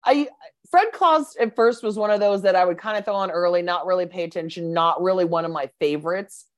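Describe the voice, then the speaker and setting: A woman's voice: lowish voice, brisk, no room sound, studio quality. A woman co-hosting a podcast, chatting casually about movies. She laughs easily and acts out quotes from scenes. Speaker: podcast co-host. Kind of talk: casual movie review chat.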